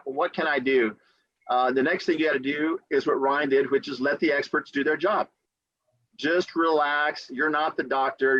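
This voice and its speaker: A man in the role of a real estate attorney, talking on a podcast and giving motivational advice. He tells stories with animation, acts out what people say, and repeats key phrases for emphasis. His voice is mid-pitched, dry and close, with slightly dull, lo-fi audio. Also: no room sound. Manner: animated storyteller who acts out quotes.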